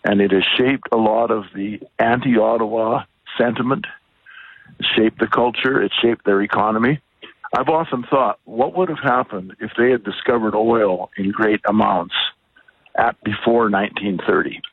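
A man from British Columbia calling in to a radio talk show, speaking in a measured, thoughtful way with pauses and fillers. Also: on the low side, dry recording. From British Columbia, Canada. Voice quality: husky, gravelly. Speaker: caller. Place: outdoors on a bike ride. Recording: tinny dry phone line.

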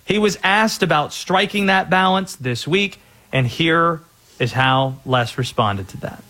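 A man hosting a sports talk show, briskly setting up each topic and steering the talk. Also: on the high side, bright, forceful tone. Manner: brisk, segues between topics. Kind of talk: sports talk, reading segment intros.

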